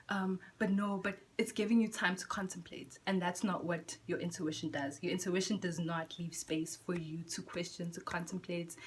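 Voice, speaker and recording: Slangy young woman vlogging casually. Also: mid-range voice. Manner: candid, slangy and profane, with many asides; quick shifts between loud bursts and soft near-whispers. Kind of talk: casual chat to camera. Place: at home.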